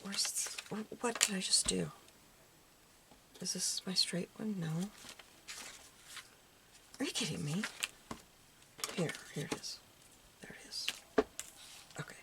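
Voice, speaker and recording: A woman's voice: mid-range voice, slow pace, creaky, long pauses, whispered. A woman chatting casually while she makes paper crafts, muttering little asides to herself as she works. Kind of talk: casual crafting tutorial chat.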